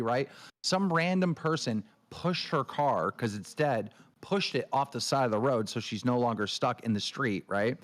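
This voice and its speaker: Guy ranting on a livestream, swears nonstop, does shrill impressions of people. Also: expressive, normal speed. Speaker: show host. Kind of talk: casual livestream chat.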